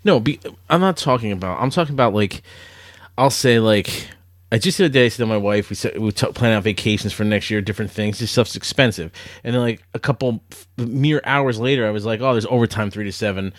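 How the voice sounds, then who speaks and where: A man's voice: lowish voice, brisk, no room sound, studio quality. A man co-hosting a casual podcast, blunt and profane, ranting as he tells a story. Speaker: podcast co-host. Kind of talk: casual chat.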